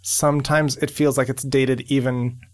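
A man co-hosting a podcast in casual, halting chat, often restarting his sentences. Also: medium pitch, little pitch movement, no room sound. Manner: hesitant, restarts and trails off. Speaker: podcast co-host.

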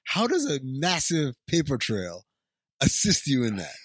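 Lively sarcastic man chatting. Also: mid-range voice, measured pace, no echo. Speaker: podcast co-host. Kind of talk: casual chat.

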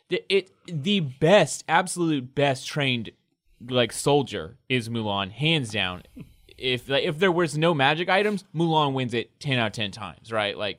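An animated man arguing his points in casual stream chat, his voice swinging widely up and down. He swears freely, and the sound is close and dry with no room echo. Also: mid-range voice.

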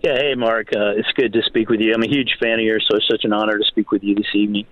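A man's voice: fairly low pitch, little pitch movement, quick pace, a bit bright, no echo. A man from North Carolina calling in to a radio show, angry and hesitant, with many fillers. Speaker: caller. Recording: dull phone line.

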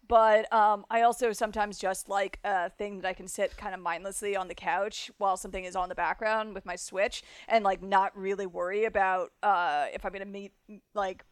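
A woman from South Florida co-hosting a podcast in casual chat, rambling and chatty with lots of fillers and quick laughs. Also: medium pitch, fairly even intonation, smooth, no room sound. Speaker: podcast co-host.

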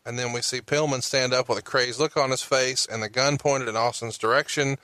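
A man's voice: medium pitch, steady tone, normal speed, hardly any pauses, sharp tone, dry recording. A man hosting a podcast, walking through a recap of events with occasional profane outbursts. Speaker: podcast host.

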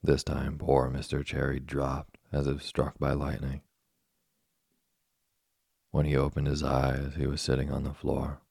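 A man reading a classic children's story aloud as a slow, soft, monotone sleep story. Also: a bass voice, gravelly, husky, no echo, clean studio sound. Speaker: narrator. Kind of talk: scripted sleep story narration.

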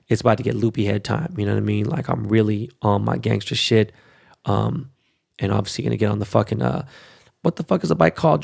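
A man's voice: mid-range voice, vocal fry, darkish tone. A middle-aged man talking in a casual, rambling monologue, swearing a lot and filling his talk with fillers. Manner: profane and emphatic, full of fillers. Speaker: vlogger.

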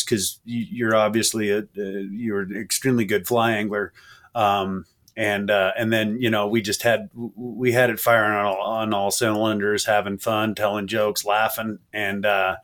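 Man, host, fishing guide, casual chat, laid-back, lowish pitch. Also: little pitch movement, a little slow, a bit bright.

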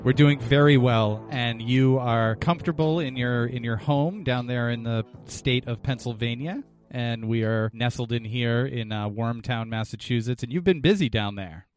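A man's voice: mid-range voice, moderate pace, soft background music. A man co-hosting a podcast, chatty and playful in his reactions. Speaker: podcast co-host. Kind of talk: casual podcast interview. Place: studio in Massachusetts.

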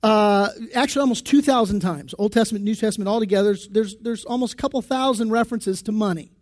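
A man's voice: sits high, fast talker, darkish tone. A male pastor giving a sermon in a church, talking in a conversational style, full of asides and restarts.

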